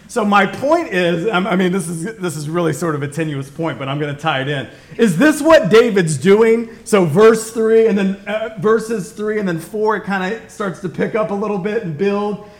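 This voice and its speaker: A high-pitched man preaching a relaxed, conversational sermon. He wanders into stories and asides, and he drops from ringing emphasis to near-whispers. He sounds middle-aged. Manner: digressive storyteller, swings from loud emphasis to quiet asides. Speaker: pastor.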